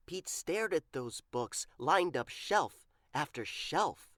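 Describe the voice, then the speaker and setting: A woman reads a children's picture book aloud, slow and deliberate. Her voice is low-set but moves through a lively range, animated and expressive. The recording is dry and close. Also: no room sound. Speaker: storyteller.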